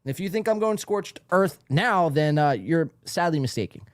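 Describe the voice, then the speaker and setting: Man, podcast host, profane mock-outrage rant, fairly high voice, dry close sound. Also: animated, normal speed, no room sound. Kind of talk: ranting podcast monologue.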